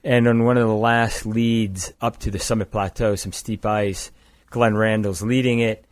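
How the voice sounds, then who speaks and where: A man's voice: lowish voice, fairly even intonation, unhurried, dry recording, studio quality. An older man from the East Coast of the United States, a guest on a podcast, telling a long story in a matter-of-fact way. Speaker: guest, climbing gear company founder. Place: indoors across a table.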